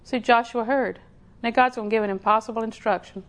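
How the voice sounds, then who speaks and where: A woman's voice: a little high, steady tone, a little fast. A middle-aged woman, preaching a sermon in a folksy, storytelling way with lots of repetition.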